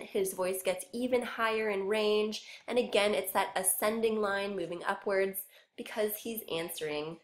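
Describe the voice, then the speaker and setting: A woman's voice: medium pitch, moderate pace, few pauses. A woman teaching a music lesson, patiently explaining each point step by step. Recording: roomy echo.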